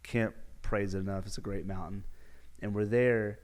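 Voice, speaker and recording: A man's voice: lowish voice, fairly even intonation, normal speed, darkish tone. A man, a youth minister hosting a podcast, tells a story casually and animatedly, with frequent chuckles and fillers.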